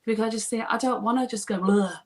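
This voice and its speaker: A woman's voice: a little high, fairly even intonation, rapid-fire. A woman as an interview guest, speaking earnestly and openly, a little hesitant. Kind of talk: interview conversation.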